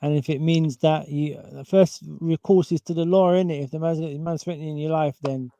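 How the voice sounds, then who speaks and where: Man, casual chat, mellow and dry, calm advice-giver. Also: fairly high pitch, normal speed, dry recording.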